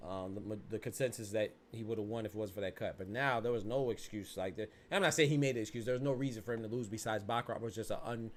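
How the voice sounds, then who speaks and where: A man hosting a podcast, giving casual, animated, rambling commentary that keeps circling back to "you know what I'm saying.". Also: lowish voice, quick pace, hardly any pauses, slight background noise. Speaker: podcast host.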